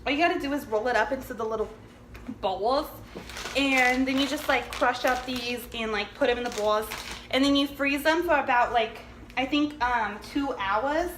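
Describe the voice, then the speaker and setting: A woman putting on a loud, chatty New Jersey housewife, fronting a homemade cooking show with a high voice. She rambles off topic, curses freely and calls everyone honey. The kitchen sounds echoey, with a little background hiss. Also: moderate pace. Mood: gossipy. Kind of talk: comedic cooking sketch. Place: home kitchen. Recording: echoey room with faint background noise.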